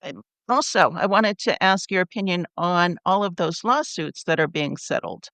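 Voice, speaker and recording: Lady host asking questions, clear smooth voice, dry close mic. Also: on the low side, lively intonation, moderate pace, a bit bright, no echo. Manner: asks questions with restarts and short backchannels. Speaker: interview host. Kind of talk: interview questions.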